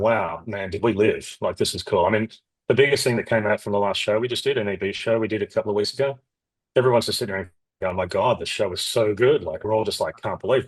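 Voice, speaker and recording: A man's voice: lowish voice, breathy edge, poor audio. A middle-aged man, a company founder telling stories in a candid interview, rambling and acting out the voices of people he quotes. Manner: rapid, rambling, animated, acts out quoted dialogue.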